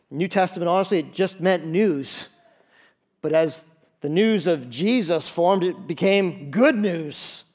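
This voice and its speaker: A man in the pulpit delivering a sermon. His voice sits a bit high, and he moves from hushed prayer to emphatic teaching. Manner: reads scripture then prays softly and preaches with rising emphasis. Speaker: pastor.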